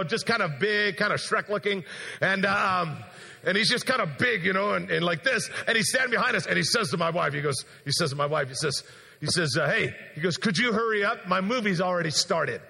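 A man pastor delivers a sermon as an animated story, acting out the quoted lines himself. His voice sits high and bright with a gravelly rasp. The sound carries a long reverb from a large church hall. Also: a little fast. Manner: animated anecdote with acted-out quotes.

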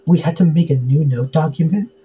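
A man's voice: fairly high pitch, fairly quick, lo-fi sound, a little hiss or hum. A man chatting casually as a podcast guest, full of fillers and easy laughs. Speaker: podcast guest, tabletop game player. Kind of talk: casual interview chat.

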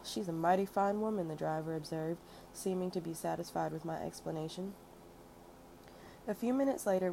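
Woman narrating a memoir, low and mellow. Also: creaky, a little hiss or hum, rough recording.

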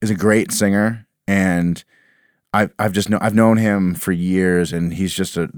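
A very low-voiced man chats about his band in an interview, rambling and restarting his sentences. His voice is smooth and resonant, recorded close and dry. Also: steady tone, a little slow, dry recording. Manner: rambling, many restarts and "you know". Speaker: band member guest. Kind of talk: casual interview chat.

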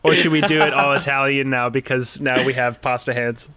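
Bright-voiced man, rambling jokey co-host. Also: mid-range voice, steady tone, fairly quick. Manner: rambling, jokey, hesitant with fillers. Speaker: podcast co-host. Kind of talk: casual comedic podcast chat.

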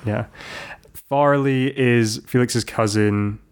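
Slow-paced and clear, this podcast co-host has a resonant, mid-range voice and a steady tone. His casual film recap rambles playfully, with plenty of restarts as he corrects himself along the way.

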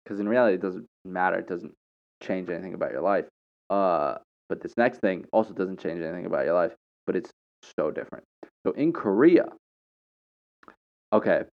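A man in his twenties telling rambling stories in a casual, animated monologue. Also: lowish voice. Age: 20s. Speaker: storyteller. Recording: dull lo-fi recording.

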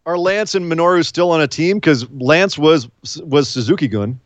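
A man's voice: fairly high pitch, moderate pace, dry recording. A man co-hosting a podcast, chatting casually with a teasing, playful manner. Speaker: podcast co-host. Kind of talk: casual chat. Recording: dull lo-fi mic.

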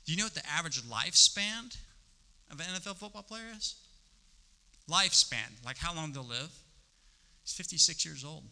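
A middle-aged man preaching a sermon, stressing some words loudly and dropping to a hush on others. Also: fairly high pitch, big pitch swings, brisk, pauses often. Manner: emphatic, swings between loud stresses and hushed asides. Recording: long reverb of a large hall.

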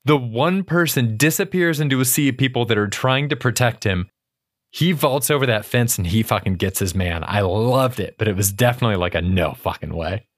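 Podcast guy, normal pitch, chill and jokey, swears casually. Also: a little fast. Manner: laid-back, profane, joking. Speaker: podcast co-host. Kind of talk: casual movie chat.

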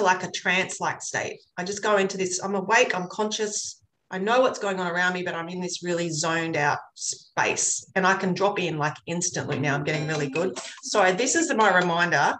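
A woman's voice: medium pitch, fairly bright tone. A woman talking earnestly about her work as an energy healer, a chatty and rambling storyteller. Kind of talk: casual interview chat. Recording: roomy echo.

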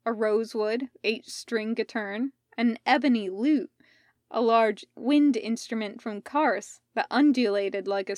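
A woman narrating a fan fiction audiobook in a calm, even storytelling manner. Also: fairly high pitch, no room sound, clean studio sound. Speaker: podfic reader.

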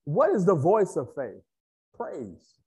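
Male pastor, high voice, animated swings; AAVE; emphatic, repetitive sermon delivery. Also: measured pace.

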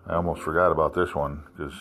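A man from South Carolina casually telling a profane, animated anecdote. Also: rumbling low, fast, soft background music. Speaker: storyteller. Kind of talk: casual storytelling.

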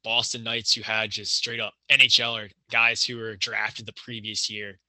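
A man's voice: on the low side, flat delivery, normal speed, sharp tone, dry recording. A young man, a college hockey player, chatting casually on a podcast and rambling with lots of fillers and restarts. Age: young adult.

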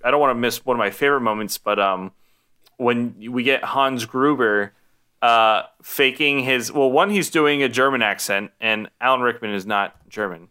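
A man with a bright, crisp, smooth voice talks casually about a favorite movie. He rambles, restarting sentences and filling gaps with ums and uhs. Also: mid-range voice, normal speed. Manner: rambling, many fillers and restarts. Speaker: podcast co-host. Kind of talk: casual film discussion.

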